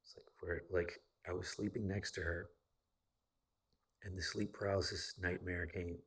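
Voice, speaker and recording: A man's voice: sits low, flat delivery, moderate pace, breathy edge. A man from the United States telling a personal story in a casual, rambling monologue, swearing often. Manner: profane and rambling, with frequent fillers. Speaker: vlogger.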